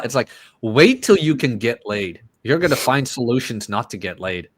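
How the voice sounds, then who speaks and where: A man's voice: mid-range voice, lively intonation, moderate pace, fairly bright tone. A man co-hosting a casual podcast chat, joking and acting out quoted people. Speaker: podcast co-host.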